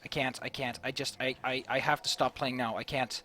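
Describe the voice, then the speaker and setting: A man's voice: mid-range voice, fairly even intonation, brisk, sharp tone, slight background noise. A young man commentating a game, giggling, rambling and swearing casually. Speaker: let's play host. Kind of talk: gameplay commentary.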